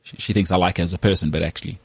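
A man hosting a casual podcast chat, telling rambling stories with lots of fillers and a husky voice. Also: low voice, very fast, no room sound. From South Africa. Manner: animated storyteller, rambling with many fillers. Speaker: podcast host.

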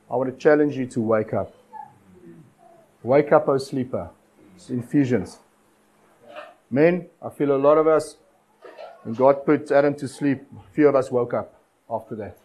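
A man preaching a sermon, urging his listeners with repeated phrases and dramatic pauses. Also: mid-range voice, warm tone, low-quality recording. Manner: exhortative, repetitive cadence with dramatic pauses.

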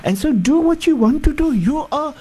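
A man's voice: very high voice, animated, normal speed, mellow, pitched above the performer's own voice. Defiant converted magicians, played by a man, raised voice, fervent and unafraid.

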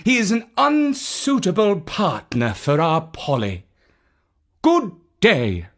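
A woman voicing a cross, condescending lizard lady who speaks slowly and dismissively. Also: lowish voice, wildly swooping pitch, voice pushed up, heavily acted. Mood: haughty.

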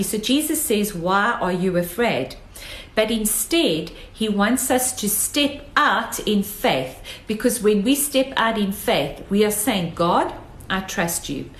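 Emphatic woman preaching in an echoey room. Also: a little high. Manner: emphatic, repeats phrases for effect. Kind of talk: sermon.

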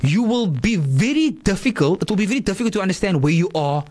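A man hosting a radio talk show, animated and repetitive, often checking in with "right?". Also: sits high, quick pace. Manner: animated, repeats words, asks "right?" often.

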